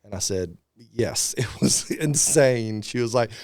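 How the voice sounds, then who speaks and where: Smooth-voiced man telling his story. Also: medium pitch, unhurried, no room sound, clean studio sound. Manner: animated storyteller, acts out quoted voices. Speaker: podcast guest, motivational speaker. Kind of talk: casual storytelling interview.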